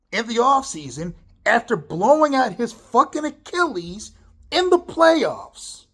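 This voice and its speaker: Profane, fired-up ranting man. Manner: lively, swooping pitch. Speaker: wrestling commentator. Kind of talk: opinion rant to camera.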